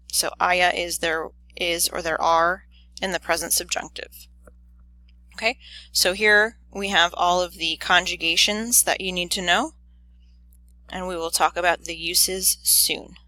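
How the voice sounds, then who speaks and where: A woman teaching a grammar lesson at a deliberate, unhurried pace. Her voice is bright and clear, set a little low, and the sound is dry with no room in it. She walks through each step methodically and fixes her own slips right away. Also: no room sound. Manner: methodical, steady step-by-step explaining; corrects own slips quickly. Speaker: Spanish teacher.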